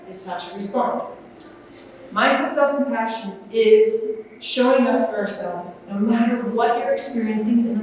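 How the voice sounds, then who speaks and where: Gentle woman presenter, echoey room. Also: mid-range voice, far from the mic, slight background noise. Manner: gentle, unhurried, with fillers and restarts. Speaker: conference presenter. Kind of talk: workshop talk on self-compassion. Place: large conference room. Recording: echoey room, voice off-mic, faint ambience.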